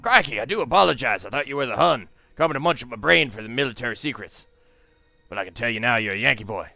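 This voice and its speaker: A man's voice: mid-range voice, expressive, quick pace, creaky, pushed and bright, dry recording, soft background music. A man voicing an eccentric old British brigadier with a pompous, exclaiming manner while reading game dialogue aloud. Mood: blustering.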